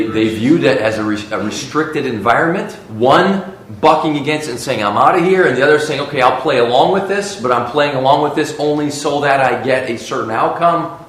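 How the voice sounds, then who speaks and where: A man leads a Bible class, talking conversationally and with emphasis. His voice sits in a middle register. The room is very echoey, and faint background noise runs under him. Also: mid-range voice. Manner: conversational, emphatic, many restarts. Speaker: Sunday school teacher. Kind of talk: discussion-led Bible class. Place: church classroom.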